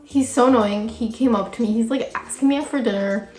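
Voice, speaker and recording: A young adult woman vlogger telling a casual storytime, with vocal fry and a chatty, gossipy manner full of "like". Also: fairly high pitch, brisk, darkish tone. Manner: chatty, filler-heavy, gossipy with frequent "like". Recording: echoey room with faint music.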